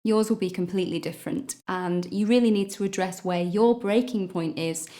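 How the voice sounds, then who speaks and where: A woman's voice: mid-range voice, moderate pace, mellow. A woman teaching a singing lesson, explaining patiently and stopping to demonstrate notes with her voice. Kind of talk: vocal lesson.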